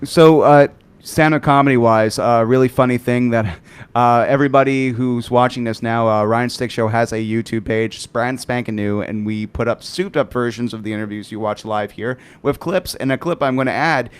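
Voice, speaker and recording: A man's voice: mid-range voice, steady tone, normal speed, clean tone. A man hosting a casual interview show, asking loose questions with plenty of fillers. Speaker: podcast host.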